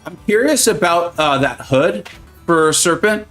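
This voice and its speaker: Man, game streamer, casual and joking, animated pitch, soft game music behind. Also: a little slow. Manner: chatty, joking, greets viewers by name. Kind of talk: casual live-stream chat.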